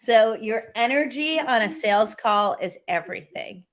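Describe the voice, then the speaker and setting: A middle-aged woman with a fairly high voice coaches on sales over a video call. She tells stories with energy and acts out the people she quotes. Her tone is animated and confident. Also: normal speed.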